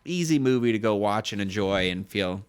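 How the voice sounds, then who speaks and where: A man co-hosting a casual pop-culture news show, rambling and correcting himself, with his voice jumping higher when he gets excited. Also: moderate pace, smooth. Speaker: podcast co-host.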